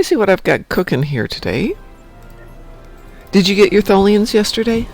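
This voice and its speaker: Gravelly, chatty male stream host. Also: high-pitched, very animated, a little slow, pauses often, soft background music. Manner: rambling, chatty, self-joking. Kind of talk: casual morning stream chat. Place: home.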